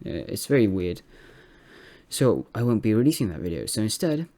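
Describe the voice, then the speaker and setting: A man's voice: on the low side, big pitch swings, normal speed, dark tone. A man introducing his own game video casually, rambling with fillers and restarts. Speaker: amateur game caster.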